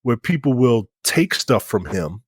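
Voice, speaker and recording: A man in his thirties co-hosting a casual podcast chat, telling long animated stories with lots of restarts. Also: mid-range voice, a little slow, slightly rough, no room sound, clean studio sound. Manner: rambling, animated storytelling with restarts. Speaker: podcast co-host.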